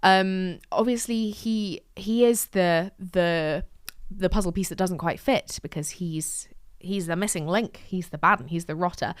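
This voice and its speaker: A woman's voice: fairly low pitch, fairly bright tone, smooth, no room sound, clean studio sound. A woman with an English RP accent hosting a podcast, talking in a frank, chatty, self-deprecating way with lots of restarts. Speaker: podcast host. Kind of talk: casual diary-style monologue.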